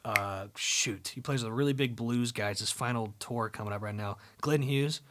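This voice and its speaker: A man hosting a podcast, telling a story in a casual, animated way, swearing and acting out what people said. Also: medium pitch, moderate pace. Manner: animated, swears, acts out quotes. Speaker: podcast host. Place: live podcast venue.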